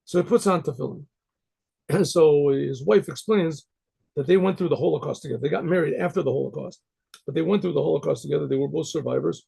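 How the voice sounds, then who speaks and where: A man's voice: on the high side, fairly quick, warm tone. A man, a rabbi, telling a story in a rambling, conversational way with frequent restarts. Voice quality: gravelly, husky voice. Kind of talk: storytelling talk.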